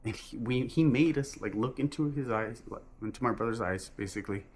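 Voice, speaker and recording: A man telling a personal religious testimony in an earnest, halting way, often restarting and correcting himself. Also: mid-range voice. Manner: earnest and emphatic.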